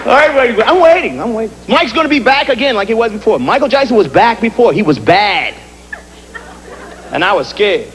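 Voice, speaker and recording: A male stand-up comedian performing on a comedy club stage, with a punchy, animated delivery and frequent impressions of people. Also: high voice, normal speed, background noise. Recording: live club, loud crowd and music.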